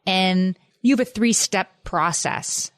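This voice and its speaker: A woman's voice: mid-range voice, slow pace, no room sound, clean studio sound. A woman podcast host interviewing a guest in a conversational way.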